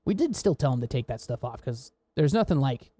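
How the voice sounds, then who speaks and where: A mellow, medium-pitched American man with big pitch swings speaks a little fast, and there's no room sound. As a podcast co-host in casual conversation, he tells rambling, laugh-filled work stories full of swearing.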